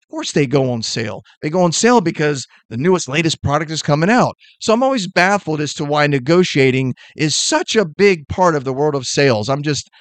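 A middle-aged man rattles off blunt, emphatic sales advice at high speed, like a motivational podcast host. His voice sits fairly high for a man. The sound is dry, with no room echo. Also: lively intonation, fairly quick, few pauses. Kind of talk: energetic motivational talk.

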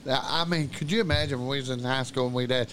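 A middle-aged man telling profane, animated stories on a podcast with plenty of laughing. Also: medium pitch, quick pace, slight background noise. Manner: animated, swearing, laughing storyteller. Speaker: podcast guest. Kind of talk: profane storytelling chat.

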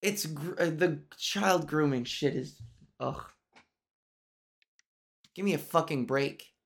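A woman's voice: low-pitched, slow pace. A woman with a nasal voice hosts a solo podcast. She talks candidly and swears freely, and her monologue rambles along with restarts. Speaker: podcast host.

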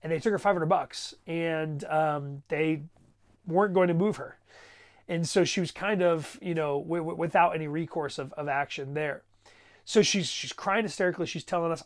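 A man's voice: fairly high pitch, normal speed. Conversational man preaching a sermon. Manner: conversational, checks in with "right?" and "okay?". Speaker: pastor. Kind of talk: sermon storytelling.

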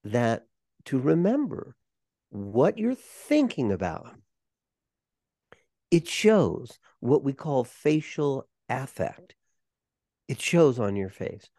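A man's voice: medium pitch, creaky, no echo, clean studio sound. An older man, a performer and voice coach, telling stories as a guest on an interview podcast. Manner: animated, warm anecdote telling. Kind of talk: conversational interview storytelling.

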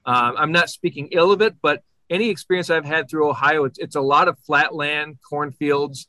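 A man's voice: on the high side, normal speed, pushed and bright, dry recording, rough recording. A man co-hosting a casual college football podcast, talking in a rambling, friendly way and often correcting himself. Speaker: podcast co-host. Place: Michigan.

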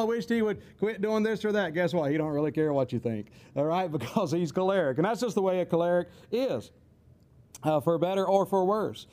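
A man's voice: sits high, a little mellow. A man giving a casual, folksy teaching talk, rambling with chuckling asides. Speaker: teacher on temperaments.

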